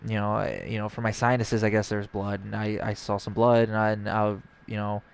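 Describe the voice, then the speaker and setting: A man's voice: lowish voice, flat delivery, a little fast, gravelly, smooth. A young man, a streamer, telling a long personal story in a casual, rambling way and acting out the dialogue. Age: young adult.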